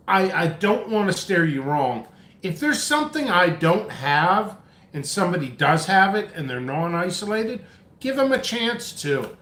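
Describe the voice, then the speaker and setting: Man, vlog host, chatty and scattered, short of breath, pitched a touch high. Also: sharp tone, roomy sound. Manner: rambling, coffee-fueled, chatty. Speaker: pepper seed seller and channel host. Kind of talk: casual live-stream chat. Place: indoor home workspace.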